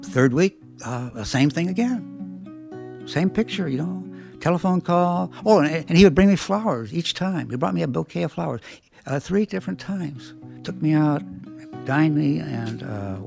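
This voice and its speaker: A man's voice: a little high, animated, normal speed, creaky, music in the background, pitched above the performer's own voice. A man voicing an exasperated adult woman who complains emphatically about men.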